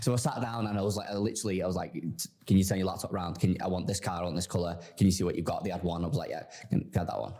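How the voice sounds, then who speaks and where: Deep, mellow-voiced man hosting a chat. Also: steady tone, racing, hardly any pauses. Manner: rambling, self-deprecating, laughs often. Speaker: podcast host. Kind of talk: casual podcast chat.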